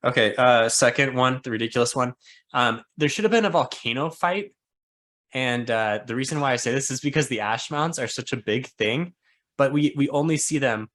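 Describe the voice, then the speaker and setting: A man's voice: medium pitch, lively intonation, moderate pace, a bit bright. A man co-hosting a book podcast, chatting casually and laughing often at his own ideas. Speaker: podcast co-host.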